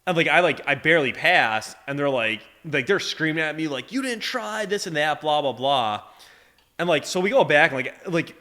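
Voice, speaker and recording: Male podcast guest, 20s, from Massachusetts, bright edgy tone, rambling filler-heavy storyteller. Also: a little high, moderate pace. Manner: animated, heavy "like" fillers, acts out voices in his stories. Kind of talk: casual storytelling.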